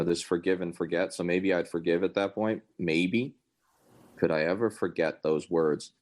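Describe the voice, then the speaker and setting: Deep-voiced man ranting on a podcast. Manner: opinionated, rambling, sarcastic asides. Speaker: podcast host. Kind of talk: casual political commentary.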